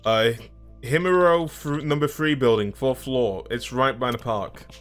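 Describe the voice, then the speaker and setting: A man voicing a brisk male street informant who speaks matter-of-factly in clipped phrases. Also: mid-range voice, faint music behind, lightly acted. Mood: businesslike.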